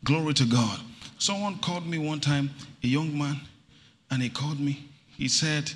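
A man's voice: medium pitch, normal speed. A middle-aged man preaching a sermon, calling for responses and acting out little stories. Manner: animated preaching with call-and-response and acted anecdotes. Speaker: pastor. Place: church hall. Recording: reverberant church hall.

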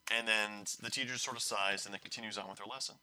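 A man's voice: on the low side, quick pace. A young man casually telling a story on a podcast, rambling and correcting himself as he goes. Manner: rambling, self-correcting, animated retelling.

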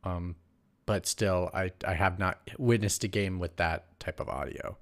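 A man with a very deep, low voice hosts a casual podcast chat about games. He talks in a halting way and restarts his sentences when he argues a point. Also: fairly even intonation. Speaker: podcast host.

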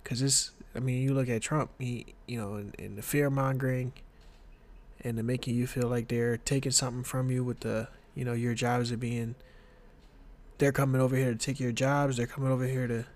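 A man with a mid-pitched voice co-hosts a casual podcast. He teases his partner, laughs easily, and swears freely in relaxed banter. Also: normal speed. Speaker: podcast co-host. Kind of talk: casual chat.

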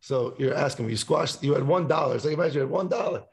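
Casting: gravelly-voiced male musician, rambly and profane, podcast guest. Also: fairly high pitch, racing. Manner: rambling, swears a lot, sings snippets. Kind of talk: casual podcast chat.

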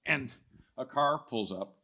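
An older man speaking as a guest at a church, telling a testimony story in a loose conversational way, often tagging his lines with "right?" and clearing his throat. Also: medium pitch, expressive, unhurried, sharp tone. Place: church hall, live event.

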